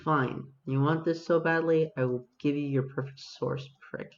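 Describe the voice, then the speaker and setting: A man's voice: on the high side, fairly even intonation, moderate pace, highs cut off, a little hiss or hum. A man giving casual, self-mocking commentary over his own gameplay as a video host, talking to himself and his viewers.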